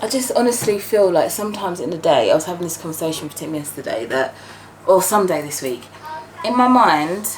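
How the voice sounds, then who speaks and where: A woman's voice: on the low side, very animated, brisk, slight background noise, low-quality recording. A British woman in her thirties, a mother chatting casually in her home kitchen for a family vlog, teasing and talking through what she is doing. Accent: British English. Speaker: mother, vlogger.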